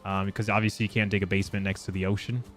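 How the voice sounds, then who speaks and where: A man live-streaming a game, chatting casually and excitably with his viewers and swearing freely. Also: on the low side, very fast, soft background music. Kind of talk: casual live gameplay chat.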